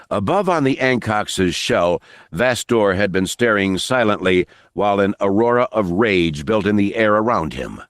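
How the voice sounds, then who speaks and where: A man narrating an unabridged novel audiobook with expressive, measured storytelling. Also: lowish voice, no room sound, studio quality.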